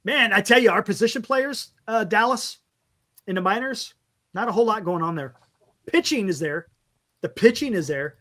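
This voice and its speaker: A man's voice: high voice, expressive, normal speed, bright, forceful tone. A man hosting a casual postgame fan talk show, frank and rambling, stumbling over player names as he reads stats. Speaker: fan podcast host.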